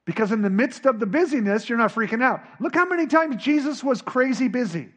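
High-voiced man preaching with dramatic swings. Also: expressive, a little fast. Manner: dramatic, swinging from hushed to shouting. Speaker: pastor. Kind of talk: sermon.

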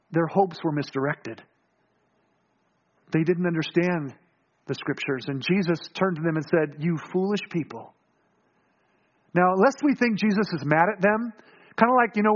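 Animated high-voiced preacher. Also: male voice, highs cut off. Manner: animated storytelling, acts out voices, chuckles often. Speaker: pastor. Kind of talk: sermon.

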